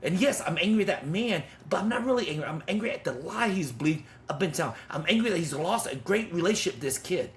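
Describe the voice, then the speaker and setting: A man's voice: sits high, expressive, fast, hardly any pauses, slight background noise. A man in his fifties telling a personal story with intensity and blunt, swearing talk, as a men's ministry leader. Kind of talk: testimony in conversation.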